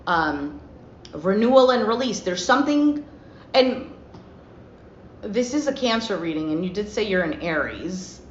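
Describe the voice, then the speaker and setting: A woman's voice: mid-range voice, measured pace, pauses often. Woman tarot reader, casual and talkative, faint hiss behind, roomy sound. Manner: chatty, animated, acts out little dialogues. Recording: roomy, slightly dull with faint noise.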